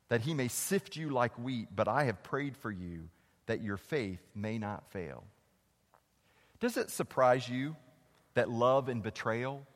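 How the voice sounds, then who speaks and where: A man preaching a sermon, acting out the quoted dialogue and swinging from loud, urgent passages to hushed, slow ones. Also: on the high side, long reverb tail. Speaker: pastor.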